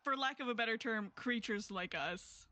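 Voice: medium pitch, moderate pace, pushed and bright, no room sound. A player in a tabletop game who speaks playfully and politely in character. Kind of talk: tabletop role-play.

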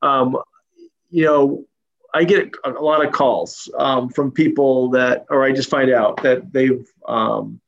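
A man's voice: medium pitch, steady tone, takes it slowly, vocal fry, muffled recording. A man hosting a podcast interview, talking in a casual, rambling way with many fillers and restarts. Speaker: podcast host.

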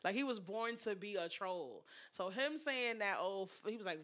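A woman co-hosting a podcast in casual chat, loud and joking, laughing often. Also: medium pitch, animated, brisk, few pauses. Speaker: podcast co-host.

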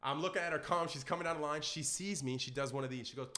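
A young man with a New York accent, a podcast guest telling stories in an animated way and acting out the quotes. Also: on the high side, fast. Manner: animated storyteller, acts out quotes loudly. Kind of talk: casual storytelling chat.

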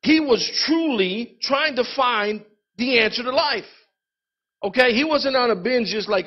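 A man pastor preaching a sermon in a lively, conversational way, calling out to his congregation. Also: extremely high pitch, a little slow, dull audio.

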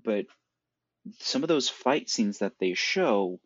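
A man's voice: lowish voice, expressive, slow, no echo. A man co-hosting a casual film podcast, explaining things in detail and at length. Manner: knowledgeable, explains at length about swords. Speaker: podcast co-host. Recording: dry, dull lo-fi sound.

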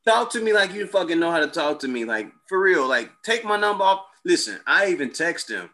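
A man's voice: a little high, fairly quick. A man in casual chat, telling stories with slang and lots of cursing. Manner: profane, animated storytelling with slang.

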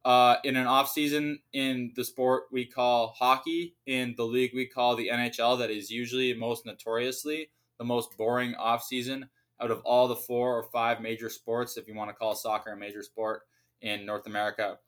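A young man talks alone into his podcast mic, ranting loosely and swearing freely. His sarcasm runs through the whole talk, at an ordinary male pitch. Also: little pitch movement, normal speed, fairly bright tone. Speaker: podcast host. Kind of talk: casual solo podcast rant.

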